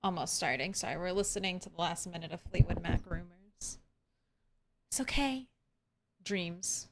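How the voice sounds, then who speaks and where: A woman's voice: on the low side, expressive, normal speed, background noise. A young adult woman streaming a game live, chatting casually and greeting her viewers with giggles. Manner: bubbly, greets chat, giggly.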